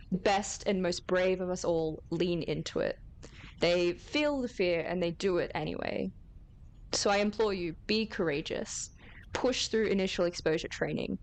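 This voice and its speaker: A woman's voice: on the low side, expressive, measured pace. A woman voicing a stern official who gives a formal, rousing address to new recruits. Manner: formal, commanding speech.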